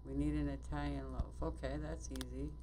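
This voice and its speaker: A woman playing a bakery shop game, muttering to herself as she works, with quick exclamations and mild swearing. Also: a bass voice, little pitch movement, warm tone, slight background noise, low-quality recording. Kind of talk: casual let's-play commentary.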